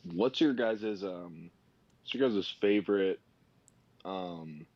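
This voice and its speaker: A man calling in as a guest for casual chat, laid-back and slangy, with plenty of halting fillers and his mouth full of food. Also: low voice, dry recording, muffled recording. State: talking while eating. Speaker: call-in guest.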